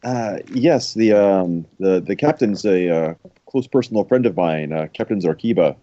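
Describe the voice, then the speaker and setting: A man's voice: deep voice, expressive, normal speed, mellow, no room sound. A man playing a stammering courtly noble. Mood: flirting. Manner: stammering, courtly speech with many restarts. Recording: dull lo-fi mic.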